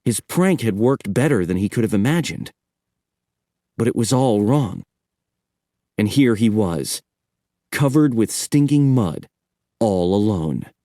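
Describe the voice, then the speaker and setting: Measured male horror audiobook reader, animated pitch, dry close sound. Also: no room sound. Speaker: audiobook narrator. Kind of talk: scripted horror audiobook narration.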